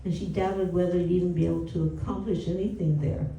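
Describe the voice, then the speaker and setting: A woman's voice: on the low side, steady tone, fast, creaky, dark tone, a little hiss or hum. A woman telling a story at a devotional home program, in a conversational way with lots of "you know" asides. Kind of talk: storytelling talk. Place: indoor gathering room. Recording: roomy and distant from the mic.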